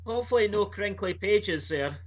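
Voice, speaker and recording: High, lively man teasing. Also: moderate pace. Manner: playful, teasing. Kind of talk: casual chat. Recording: dull lo-fi sound.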